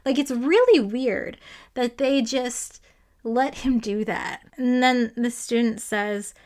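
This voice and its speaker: A woman's voice: on the high side, slow pace, a little mellow. A woman, a physicist, giving a casual, exasperated and sarcastic spoken review of a novel, with a lot of "like" fillers. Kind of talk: casual commentary to camera.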